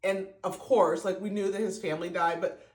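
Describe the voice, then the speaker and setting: A man's voice: high voice, fairly even intonation, moderate pace. Gushing man on a roomy podcast. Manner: gushing and emotional, many fillers and restarts. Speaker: podcast host reviewing a book. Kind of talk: casual spoken book review. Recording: roomy echo.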